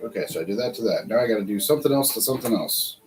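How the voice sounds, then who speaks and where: A man's voice: fairly low pitch, lively intonation, very fast, darkish tone, soft background music, rough recording. An American man hosting a casual livestream, talking in a rambling, chatty way and laughing often. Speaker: host.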